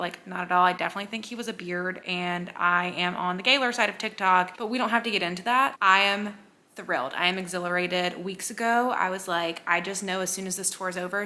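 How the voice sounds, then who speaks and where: A young woman chatting casually to camera in a book vlog, rambling and excitable. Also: mid-range voice. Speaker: book vlogger.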